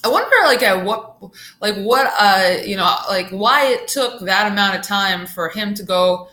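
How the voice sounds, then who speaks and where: A woman vlogger telling a storytime tale in a chatty, laughing way with lively asides. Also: medium pitch, unhurried. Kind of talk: casual storytime.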